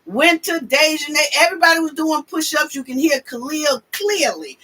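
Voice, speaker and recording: Sassy new lady hosting a livestream, high bright voice, calls out chat names. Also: normal speed, few pauses. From New York. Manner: animated, sassy, confrontational. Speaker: livestream host.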